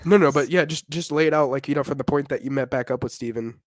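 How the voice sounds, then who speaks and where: Young man, podcast co-host, animated slangy storytelling, close dry mic. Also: mid-range voice, fast talker, no echo. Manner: animated, swearing, slangy, laughing often. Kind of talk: casual storytelling chat.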